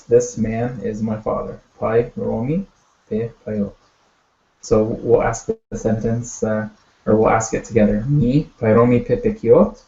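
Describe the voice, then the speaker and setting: A man teaching a language class, explaining words step by step in a patient way, with many pauses and fillers. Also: medium pitch, gravelly, dark tone. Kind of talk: online language lesson. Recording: echoey, dull audio.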